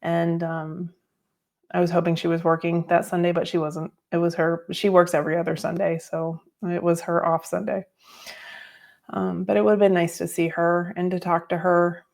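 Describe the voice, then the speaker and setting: A middle-aged woman hosting a podcast, telling a personal story in a reflective, unhurried way with many fillers. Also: lowish voice, flat delivery, vocal fry, darkish tone. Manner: reflective, tearful at times, with fillers. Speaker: podcast host.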